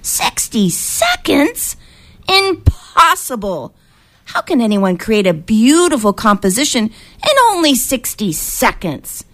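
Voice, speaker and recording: A woman voicing a gentle old male composer in a read-aloud storybook, speaking tenderly and crying out in disbelief. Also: medium pitch, unhurried, close to an everyday voice. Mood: incredulous.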